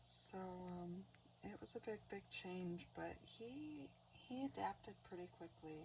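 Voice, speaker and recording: A woman in a casual crafting chat who tells stories, laughs often and drops into soft whispered asides. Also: medium pitch, animated, takes it slowly, creaky, distant mic, noisy background. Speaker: craft vlogger.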